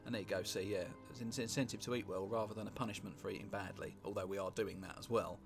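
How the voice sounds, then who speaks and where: A British man talks through a strategy game in a relaxed, rambling way, musing aloud and dropping wry, sweary asides. His voice is low and gravelly. Music plays clearly beneath him throughout. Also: fast. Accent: British English. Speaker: gameplay commentator. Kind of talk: casual let's-play commentary. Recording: music playing underneath.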